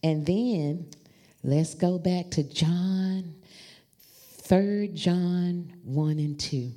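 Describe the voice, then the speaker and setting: A woman preaching a storytelling sermon, talking to the congregation in an animated, familiar way. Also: fairly low pitch, drawn-out words. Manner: animated, addresses the congregation as y'all.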